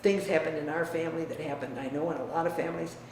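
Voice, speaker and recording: An older woman from the US Midwest, reminiscing about her family in a frank, emphatic way that often drops quiet. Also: low-pitched, fairly even intonation, quick pace. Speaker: interviewee. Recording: echoey room, distant mic, faint hiss.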